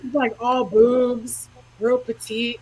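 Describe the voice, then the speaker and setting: A woman's voice: on the high side, flat delivery, slow, a crowd in the background, low-quality recording. A woman co-hosting a casual podcast chat, laughing often and talking bluntly. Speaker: podcast co-host.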